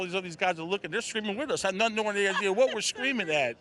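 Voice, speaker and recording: A man interviewed as a winning horse owner, excitedly telling the story of the race with quoted reactions. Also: high-pitched, rapid-fire, few pauses, slight background noise.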